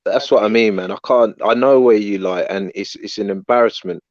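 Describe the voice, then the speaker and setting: A man's voice: fairly low pitch, a little fast, no echo. Indignant man on dull lo-fi audio. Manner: indignant, reproachful. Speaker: debate participant. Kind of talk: heated online debate.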